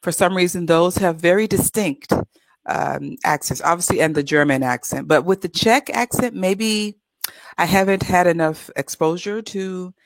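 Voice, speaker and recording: A woman from California, an English tutor with a Californian American accent, chats upbeat and easily in a casual interview. Her voice is lowish and her speed normal. The recording is dry and the audio poor.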